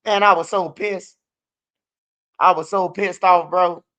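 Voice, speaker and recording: A man's voice: high-pitched, fairly even intonation, slow, bright, forceful tone. A man with a Chicago accent telling rambling, profane stories in a casual livestream, with many restarts. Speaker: livestream host. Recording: dull lo-fi stream audio.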